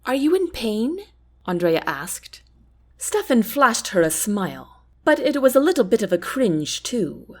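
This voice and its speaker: Expressive woman reading a storybook. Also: mid-range voice, a little slow. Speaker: audiobook narrator. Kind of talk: scripted storybook narration.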